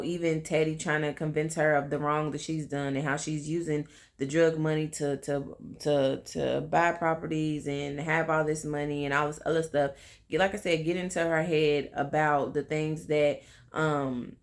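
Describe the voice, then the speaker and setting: A young woman casually recapping a TV episode, chatty and full of fillers. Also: low-pitched. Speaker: TV recap vlogger.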